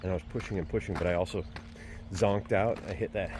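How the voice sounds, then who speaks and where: Deep-voiced and quick, a man vlogs his pilgrimage while walking through a town, chatting casually to his camera. He rambles and jokes to himself, and the outdoor recording picks up street noise.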